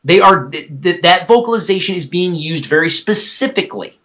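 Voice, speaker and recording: A man's voice: sits high, animated, a little fast, a bit bright. A man who is an expert guest on a podcast, explaining earnestly and step by step while repeating words as he goes. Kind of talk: explanatory interview answers.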